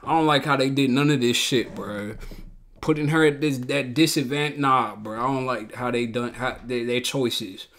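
A man's voice: medium pitch, moderate pace, fairly bright tone. A man hosting a show reaction, talking bluntly in profane slang and repeating himself in heated outbursts. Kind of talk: casual reaction commentary.

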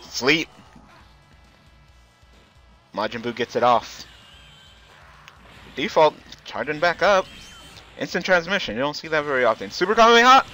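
An excitable man commentating a fighting game match, with a bright, forward voice. His pitch jumps around freely as he reacts to the action. He rambles and chuckles between calls. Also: unhurried, long pauses, faint music behind. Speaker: gameplay commentator.

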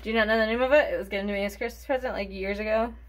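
A young woman talks her way through a makeup tutorial in a loose, rambling way. She loses her train of thought and sighs as she goes, and she is short of breath. Her pitch sits in the middle range for a woman. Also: fairly even intonation, racing, a bit bright. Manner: rambling, forgetful, chatty with sighs. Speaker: beauty vlogger. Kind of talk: casual makeup tutorial chat.

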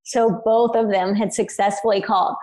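A middle-aged woman, a guest on a podcast, telling her own story in an earnest, animated way and laughing easily. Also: mid-range voice, moderate pace, rough recording. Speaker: guest, spiritual medium.

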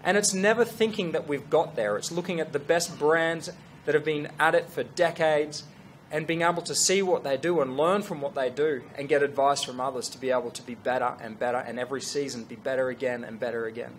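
A man's voice: fairly high pitch, brisk, a little hiss or hum. Earnest man telling a story. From Australia. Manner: earnest, animated storytelling with restarts. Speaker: fashion brand founder. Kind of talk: storytelling talk to an audience.

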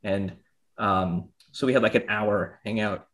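A man's voice: fairly low pitch, unhurried, a bit bright. A man co-hosting a podcast in casual chat, joking and playful. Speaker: podcast co-host.

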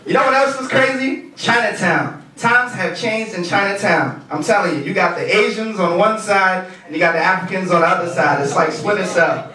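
A man's voice: sits high, a little fast, hardly any pauses, very noisy. A young man doing a loose, profane stand-up set on a comedy club stage. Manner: loose, profane, animated storytelling. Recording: echoey club heard from a distance. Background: laughing crowd.

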